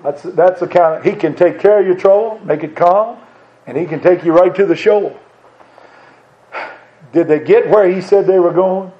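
A man's voice: high voice, normal speed, pauses often. A man preaching a sermon, asking the listeners rhetorical questions and quoting old scripture. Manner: earnest, rhetorical questions, quotes King James scripture. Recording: dull lo-fi sound.

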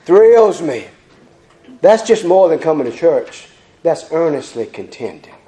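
Fervent preacher with a high voice. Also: male voice, big pitch swings, a little slow, dark tone. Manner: fervent, repetitive preaching with stammered restarts. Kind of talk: sermon. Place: church sanctuary. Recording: echoey church hall.

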